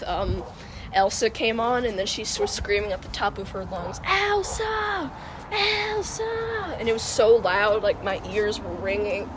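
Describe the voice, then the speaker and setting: A woman hosting a casual livestream, chatting to viewers in a giggly, rambling way. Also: medium pitch. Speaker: livestream host. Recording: noisy livestream audio with outdoor noise. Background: wind and passing cars.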